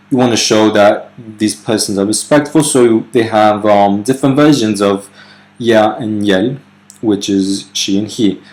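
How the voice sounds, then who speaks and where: A man's voice: lowish voice, a little mellow. A man explaining grammar in a video lesson, loose and unscripted, with fillers and self-corrections, reading foreign example sentences aloud. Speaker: language teacher.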